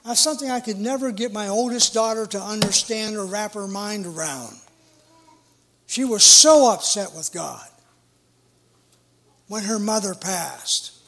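A middle-aged man preaching a sermon in an earnest, emphatic way, with a measured delivery. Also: high voice, fairly bright tone, slight background noise.

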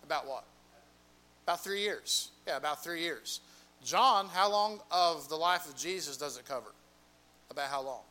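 Male Bible class teacher, somewhat high, bright tone, question-and-answer teaching style. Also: moderate pace, poor audio. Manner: asks the class questions and repeats answers, frequent "okay".

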